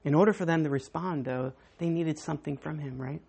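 Husky woman preaching with dramatic swings. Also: deep voice, fairly quick. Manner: animated storytelling with dramatic swings. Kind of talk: sermon.

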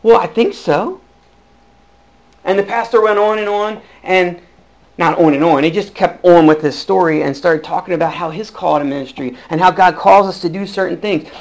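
A male pastor preaching a sermon, telling his own calling story with lively swings between hushed and loud delivery and frequent restarts. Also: high-pitched, brisk. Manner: frequent restarts and repeated words. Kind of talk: sermon with personal testimony.

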